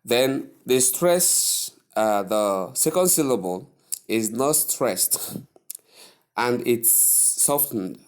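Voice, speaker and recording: A man teaching English pronunciation, repeating each word slowly and carefully and stressing its syllables. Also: mid-range voice, expressive. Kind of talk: slow, deliberate pronunciation lesson.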